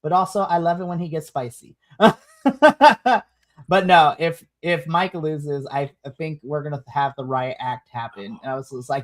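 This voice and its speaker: A podcast co-host reviewing a wrestling show in casual chat, animated, with big swings in pitch and frequent laughs. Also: measured pace.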